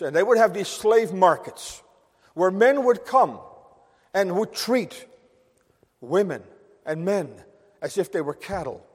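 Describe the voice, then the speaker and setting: A man preaching a sermon in an earnest, emphatic way, swinging between loud stress and quiet. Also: high voice. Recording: long hall reverb.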